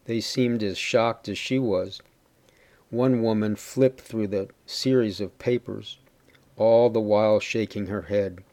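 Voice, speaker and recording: Guy reading a story out loud, steady and measured, low mellow voice. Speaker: reader. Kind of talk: first-person story reading.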